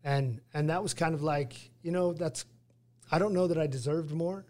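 Here the retired fighter, a Utah man in his forties, talks at a normal speed in a fairly high-pitched voice. As a guest in a casual interview, he tells his story with lively energy, acting out what people said.

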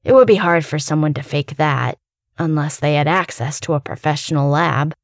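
Casting: a deep, gravelly male doctor, calm and puzzled, talking things through, dry studio read. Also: dry recording. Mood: reasoning. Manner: measured, reasoning. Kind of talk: audio drama acting.

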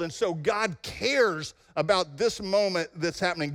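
A man's voice: sits high, normal speed, a bit bright. A man preaching a sermon as pastor, emphatic and often checking in with his congregation. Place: church sanctuary. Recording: long hall reverb in a church.

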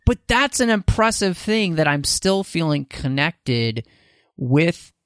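A man co-hosting a podcast, talking about a film he rewatched with his wife in an enthusiastic, animated way. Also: on the high side, slow pace, clean tone, no echo, studio quality. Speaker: podcast co-host. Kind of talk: casual film discussion.

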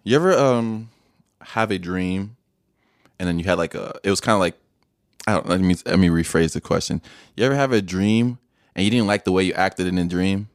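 Laughing low-voiced man, dry sound. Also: a little fast, dry recording. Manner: laughing, storytelling, easily flustered. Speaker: podcast co-host. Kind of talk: casual chat.

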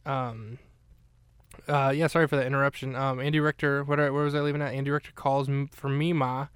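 A man rambles through a casual podcast recap, his voice smooth and clear with an even, fairly flat delivery. He is recorded close in a dry room with no echo, and he pads his talk with fillers and restarts. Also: medium pitch, fairly quick. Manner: rambling, chatty, with many fillers. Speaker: podcast host recapping a film. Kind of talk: casual chat.

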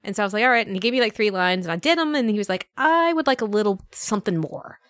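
A woman's voice: medium pitch, lively intonation, rapid-fire, a bit bright, no room sound. A woman voice actor chatting as a podcast guest, telling stories and acting out what people said to her. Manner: chatty storyteller who acts out quoted dialogue; frequent laughs and fillers. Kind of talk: casual podcast chat.

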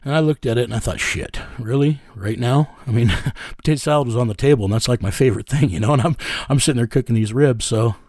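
A man's voice: mid-range voice, fast, few pauses, darkish tone, dry recording, clean studio sound. A man working as a child recovery investigator, telling a story in an interview in a blunt, profane way with many fillers.

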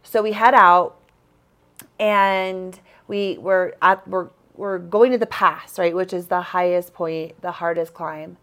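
A woman's voice: lowish voice, steady tone, slow pace, a bit bright. A young adult woman co-hosting a podcast, telling a story in a casual chat, getting emotional, laughing and tearing up as she talks. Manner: emotional, breaks into laughter and tears while retelling. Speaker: podcast co-host.

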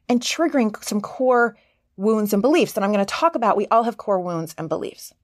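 A woman's voice: a little high, no room sound, clean studio sound. A middle-aged woman hosting a motivational podcast, talking earnestly and openly about her own experience. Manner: earnest, animated, self-disclosing. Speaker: podcast host.

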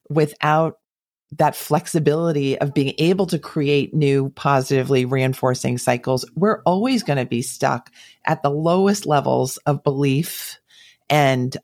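A podcast host speaks at a middling pitch, thoughtful and measured as they sum up the guest's points. The sound is close and dry, with no room around the voice. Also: no room sound. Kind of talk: conversational interview reflection.

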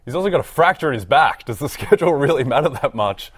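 A young man with an Australian accent, co-hosting a sports podcast in a dry, measured way. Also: mid-range voice, animated, breathy edge. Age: young adult. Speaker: podcast co-host. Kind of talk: casual sports talk.

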